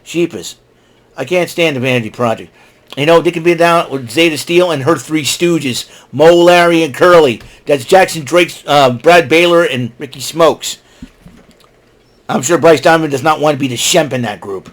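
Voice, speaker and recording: A man's voice: on the high side, normal speed. A man hosting his own podcast, recapping a show in a casual, rambling, opinionated way, mocking the people he talks about. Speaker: podcast host.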